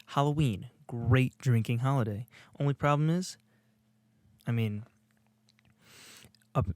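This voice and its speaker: A man's voice: mid-range voice, slow pace, darkish tone, no room sound, studio quality. A man co-hosting a casual podcast, rambling through his thoughts with lots of fillers and restarts. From Illinois, USA. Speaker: podcast co-host. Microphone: video podcast studio mic.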